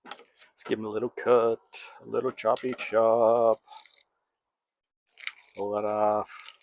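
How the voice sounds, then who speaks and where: A man's voice: lowish voice, little pitch movement, takes it slowly, a little hiss or hum. A man hosting a casual home cooking vlog, talking to himself in a playful, jokey way while he cooks in his kitchen.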